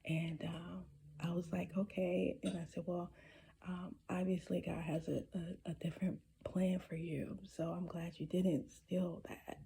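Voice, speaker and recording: Husky woman telling a story, low and dark, lots of ums and restarts. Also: level tone, a little hiss or hum. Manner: hesitant, halting, many restarts and whispered asides. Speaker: spiritual storyteller. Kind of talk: casual personal storytelling.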